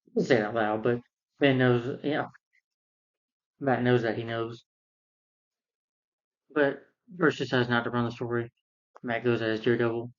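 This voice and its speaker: A man's voice: medium pitch, fairly even intonation, normal speed, long pauses. A man giving a casual spoken film review, retelling the plot in a rambling, repetitive way. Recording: dull, muffled lo-fi sound.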